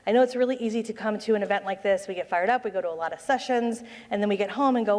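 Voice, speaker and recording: A woman's voice: mid-range voice, quick pace, darkish tone, in a large hall. A woman giving a live conference presentation in an upbeat, chatty way, often checking in with the room. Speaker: conference speaker on social media marketing.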